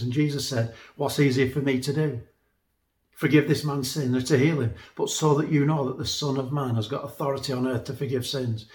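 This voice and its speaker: A man preaching in an earnest, conversational manner, circling back over his words as he builds each point. His voice sits in a middle register, and the room around him rings with echo. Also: mid-range voice. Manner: earnest, conversational, repeats words when emphasizing. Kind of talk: sermon. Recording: echoey room.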